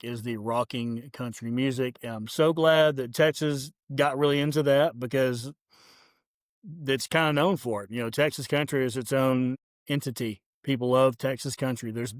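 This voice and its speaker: Podcast host man, relaxed talk. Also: medium pitch, no room sound, studio quality. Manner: relaxed, repeats words as he talks. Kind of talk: casual conversation.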